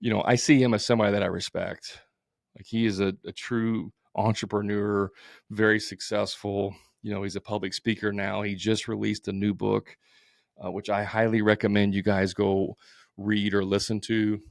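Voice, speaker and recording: Guy hosting his own podcast, kinda low gravelly voice, talks blunt n repeats himself. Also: little pitch movement, moderate pace, dry recording, studio quality. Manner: blunt, repetitive, informal with fillers and restarts. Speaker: podcast host. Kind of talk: solo podcast monologue.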